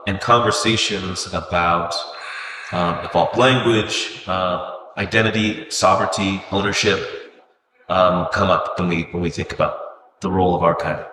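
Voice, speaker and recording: A man interviewing a guest on stage, posing long, thoughtful questions with hesitant restarts. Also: sits low. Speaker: interviewer, host. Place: gallery event room with an audience. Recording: echoey hall, distant mic, background noise.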